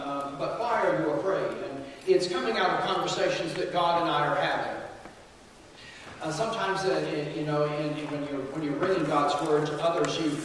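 A male pastor with a slightly raised voice delivers an earnest sermon, pausing often with fillers. His voice rings out through a large, echoey hall, picked up from some distance, with faint room ambience behind him. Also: fairly high pitch, slight background noise. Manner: earnest, prayerful, halting with fillers. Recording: echoey hall, mic from far off.

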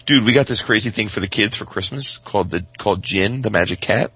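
A man co-hosting a podcast in casual chat, telling stories with excitement, swearing freely and putting on silly voices. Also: lowish voice, a little fast, breathy edge, no echo, low-quality recording. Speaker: podcast co-host.

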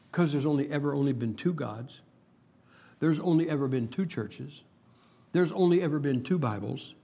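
Husky-voiced man preaching with jokes. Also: medium pitch, mellow. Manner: joking, storytelling, emphatic preacher. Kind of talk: humorous sermon.

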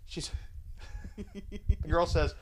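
A man's voice: medium pitch, fairly quick, slight background noise. A man casually telling crude anecdotes on a podcast, acting out the dialogue and laughing often. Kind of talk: casual storytelling chat.

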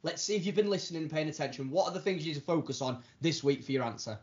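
A man's voice: on the high side, rapid-fire, a little mellow. A man hosting a comedy podcast with a teasing, showy announcer delivery. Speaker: podcast host. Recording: dull lo-fi sound.

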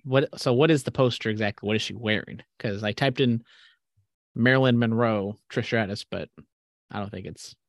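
A man on a podcast who cracks quick, crude jokes at his co-host's expense. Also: on the low side, no room sound, clean studio sound. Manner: quick crude teasing banter. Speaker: podcast co-host. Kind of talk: casual podcast chat.

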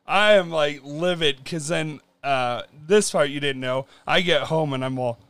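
A man's voice: a little high, expressive, moderate pace, a bit bright, smooth, no echo. A man co-hosting a podcast, telling a story animatedly, acting out quotes and laughing a lot. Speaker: podcast co-host.

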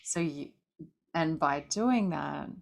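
A woman with a very low, gravelly voice talks slowly in a casual conversation. She reflects back what she heard in a calm, affirming coaching manner. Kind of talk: casual podcast chat.

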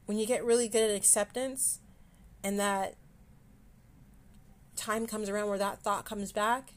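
Brief: woman hosting a personal podcast, candid and self-mocking, halting delivery, emotion just beneath the surface. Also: medium pitch, flat delivery. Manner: candid, self-deprecating, halting with fillers and restarts. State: close to tears at times. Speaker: podcast host. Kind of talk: personal mental health podcast.

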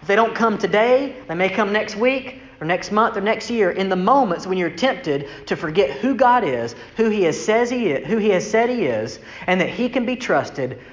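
A preacher giving an evening sermon, reading scripture and explaining it in a relaxed, conversational way, often asking "right?" and acting out the quoted speakers. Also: moderate pace, hardly any pauses. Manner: conversational, asks rhetorical "right?" questions; acts out quoted speech with shifts in pitch. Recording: echoey hall, dull lo-fi sound.

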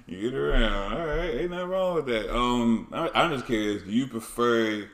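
A man's voice: medium pitch, expressive, moderate pace, a bit bright. A man interviewing a guest in a comedy sketch, asking curious, laid-back questions. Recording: roomy echo.

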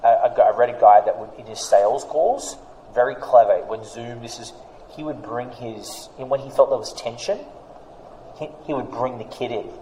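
Animated Australian man, roomy echo. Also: mid-range voice, normal speed, a little hiss or hum. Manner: animated, rambling, frequent fillers. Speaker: PR agency owner. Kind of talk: casual podcast chat. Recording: echoey room with long reverb.

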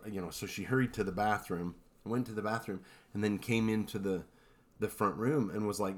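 A man co-hosting a podcast, telling eerie stories in a relaxed, rambling way with lots of fillers. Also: lowish voice, brisk. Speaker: podcast co-host. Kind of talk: casual storytelling chat.

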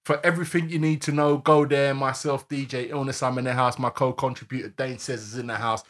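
A man co-hosting a casual live-streamed podcast, bantering and reeling off shout-outs to listeners. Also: mid-range voice, steady tone, a little fast, few pauses. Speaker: podcast co-host.

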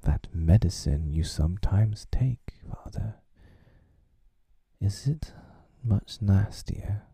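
An eager little girl, keen to help, speaks in a breathy whispered role-play. A man voices her in a deep, dark hush, with a gravelly, husky edge. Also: expressive, slow pace, no echo, studio quality, full character voice. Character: eager helpful young girl.

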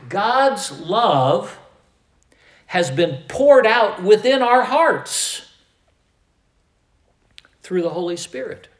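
A man's voice: high-pitched, expressive, roomy sound. A man from the American Midwest preaching a sermon, emphatic, with volume that swells and drops. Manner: slow, emphatic preaching with rising and falling volume. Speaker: pastor.

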